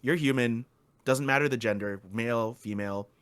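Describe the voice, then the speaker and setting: A man's voice: mid-range voice, normal speed, fairly bright tone, smooth, no room sound. A man co-hosting a casual podcast chat, rambling with lots of fillers and swearing freely. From Philippines. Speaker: podcast co-host.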